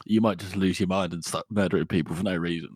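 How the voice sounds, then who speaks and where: A man co-hosting a podcast, discussing a book casually, expressive and laughing often. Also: deep voice, quick pace, breathy edge, dry recording, studio quality. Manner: expressive, laughs often, swings into big character voices. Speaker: podcast co-host.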